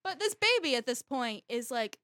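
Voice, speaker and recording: Deadpan American woman co-host. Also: high-pitched, moderate pace, no echo. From United States. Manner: dry, deadpan jokes. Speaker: co-host reading news. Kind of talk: casual comedic banter.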